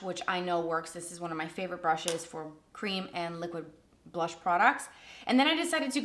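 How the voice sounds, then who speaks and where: A woman's voice: medium pitch, a bit bright. Candid woman reviewing makeup. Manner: candid, chatty, thinking aloud. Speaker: beauty reviewer. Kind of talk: first-impression makeup review.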